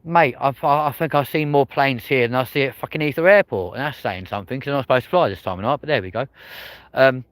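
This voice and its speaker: A man's voice: medium pitch, fast talker, fairly bright tone, no echo. A man with a southern English accent, hosting a casual night-time livestream outdoors, rambling and swearing freely as he chats. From England. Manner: rambling, swears freely, repeats "but there we go". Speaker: livestream host. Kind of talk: casual live-stream chat.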